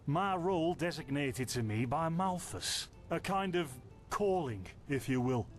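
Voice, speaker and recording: A man's voice: on the high side, expressive, a little slow, soft background music. An actor with a Yorkshire accent voicing a friendly, chatty scholarly male villager in a video game, explaining things patiently. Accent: Northern English, Yorkshire. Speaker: game character. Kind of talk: voiced video game dialogue.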